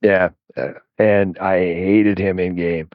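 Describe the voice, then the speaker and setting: A low-pitched man speaks as an interview guest, rambling through a long story with many restarts and frequent chuckles. The audio is dry and a little dull, like a lo-fi online call. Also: level tone, slow, no echo. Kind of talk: casual storytelling chat.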